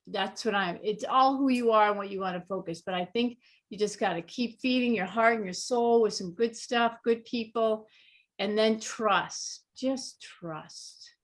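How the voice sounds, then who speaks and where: A woman on a sobriety podcast panel, telling stories in a chatty, animated way. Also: medium pitch. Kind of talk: casual panel discussion.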